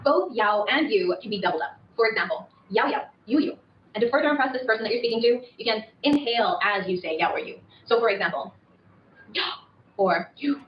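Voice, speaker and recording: A woman giving a comedic mock tutorial in a deadpan, instructional way, in a distant, roomy, dull recording. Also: on the high side, quick pace, slight background noise.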